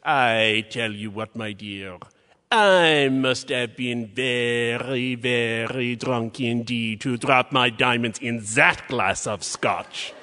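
A man voicing a grand female French curator with a French accent, slow and theatrical. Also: mid-range voice, sharp tone, voice pushed down. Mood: drawling. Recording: live hall reverb.

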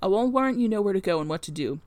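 A woman voicing a blunt, suspicious old female servant who scolds in a rustic dialect, a little higher and louder than her own reading voice. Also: expressive, very fast, no echo, close to an everyday voice.

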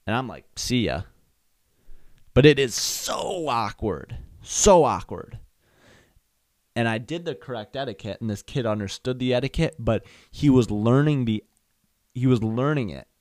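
A man's voice: mid-range voice, animated, moderate pace, darkish tone, dry recording, studio quality. A young man hosting a solo podcast, telling comedic stories and acting out voices and sound effects. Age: young adult. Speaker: podcast host.

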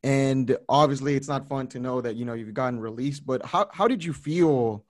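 A man's voice: mid-range voice, normal speed, no room sound, studio quality. Man asking rambling interview questions.

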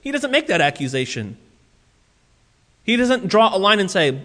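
Male pastor, lively sermon delivery, fairly high voice, hall echo. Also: moderate pace, long pauses. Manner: animated, acts out quotes with shifting voice. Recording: long hall reverb.

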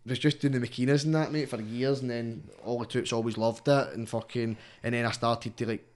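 A young Scottish man, a guest rapper in a casual interview, chats away in a mid-range, level voice at a brisk clip. He rambles, swears constantly and tacks "mate" onto everything.

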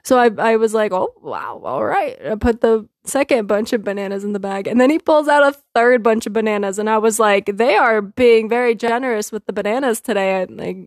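Woman podcast host, fairly high voice, lively anecdote-telling, dry close mic. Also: a little fast, few pauses, dry recording. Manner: animated, laughing often, quotes herself and others. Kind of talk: casual storytelling monologue.

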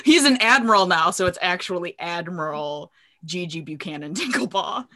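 A woman's voice: on the low side, animated, sharp tone. A woman co-hosting a podcast, chatting casually with friends and laughing often. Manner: laughs often, drawn-out filler words. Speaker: podcast co-host. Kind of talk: casual chat.

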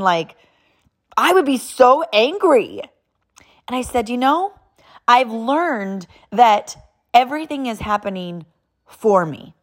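A woman in her thirties from Southern California, telling a personal story in a candid, emotional way, often restarting her sentences. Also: mid-range voice. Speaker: vlogger sharing a personal story. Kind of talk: candid personal faith talk.

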